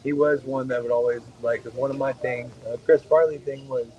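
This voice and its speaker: A man's voice: mid-range voice, fairly even intonation, moderate pace, mellow, muffled recording. A man hosting a casual podcast chat in a restaurant, talking loosely with lots of swearing and joking. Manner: loose, profane, joking banter. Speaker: podcast host. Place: waffle restaurant.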